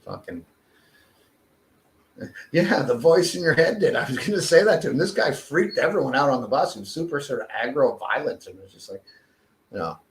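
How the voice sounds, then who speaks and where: A Canadian man ranting in a casual podcast chat, swearing constantly. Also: on the high side. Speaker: podcast co-host. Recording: echoey room.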